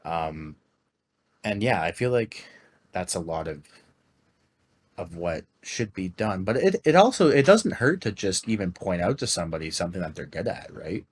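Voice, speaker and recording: A Canadian podcast co-host rambles through a casual chat, full of fillers and restarts. His low voice is husky and sing-song, at a normal speed.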